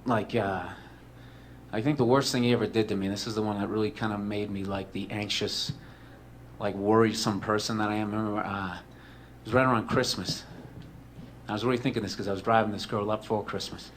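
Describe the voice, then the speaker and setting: A man's voice: on the low side, steady tone, a little fast, a little hiss or hum. A man telling a comedic personal story in a rambling, profane way, full of "like" and "you know".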